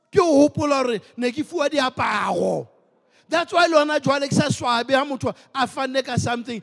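A male pastor delivers an emphatic sermon in a very high voice, mixing Sesotho and English. He drives each point home with strong emphasis. His voice hangs in the long reverb of a church hall. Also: creaky, slightly rough.

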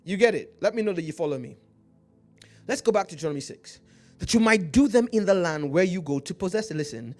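A man with an African accent preaching a sermon, slowing down to read scripture aloud and calling out to his congregation. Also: sits high, expressive, a little mellow. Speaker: pastor.

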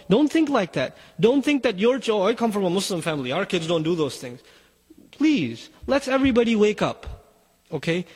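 A man's voice: high-pitched, husky, in a large hall. A man giving an urgent sermon to parents, exhorting them directly. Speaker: Muslim speaker.

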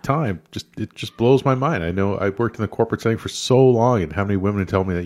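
This man speaks in a low voice as he talks bluntly on a podcast. He swears freely and slips into little acted-out quotes as he tells his stories. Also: fast, hardly any pauses, a little mellow. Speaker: podcast co-host. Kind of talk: casual chat.

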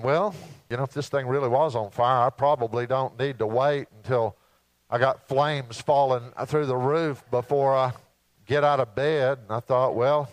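A man preaching a sermon in a folksy, animated storytelling way, acting out asides and mimicking sounds. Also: mid-range voice, no echo, poor audio. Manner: mimics alarm beeps and announcements.

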